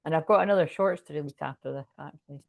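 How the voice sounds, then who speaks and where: A woman's voice: low-pitched, fast talker, vocal fry, no echo, phone-quality sound. A Scottish woman giving a casual, rambling tarot reading to camera. She often breaks into laughter. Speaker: tarot reader.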